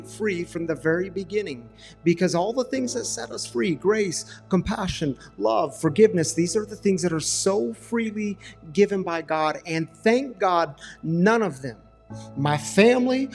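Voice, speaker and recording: Gravelly pastor preaching. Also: male voice, high voice, in a large hall. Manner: passionate, rising to emphatic repeated questions and dropping to soft confessional tones. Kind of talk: sermon.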